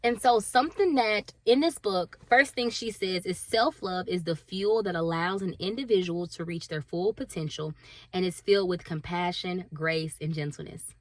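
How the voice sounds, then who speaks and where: A woman's voice: on the low side, moderate pace, dry recording. Earnest, candid woman vlogger, dry sound. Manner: earnest and emotional, laughs at herself, acts out inner voices. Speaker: stay-at-home mom vlogger. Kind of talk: candid confessional talk to camera.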